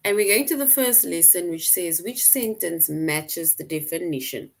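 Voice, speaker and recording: Low-voiced woman teaching a class. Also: normal speed, vocal fry. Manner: explaining patiently, frequent "right?" checks. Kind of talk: online class lesson.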